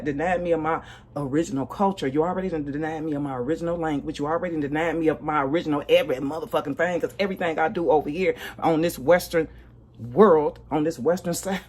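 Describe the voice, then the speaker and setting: A woman in her forties giving a blunt, profane livestream commentary rant, emphatic, with loud bursts and low asides. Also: fast. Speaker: livestream host.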